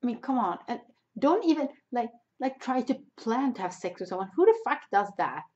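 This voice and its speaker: A woman's voice: fairly high pitch, big pitch swings, a little fast, darkish tone. A young Swedish woman with a Swedish accent, chatting casually and bluntly, swearing freely. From Sweden. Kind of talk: casual chat. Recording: dull lo-fi sound.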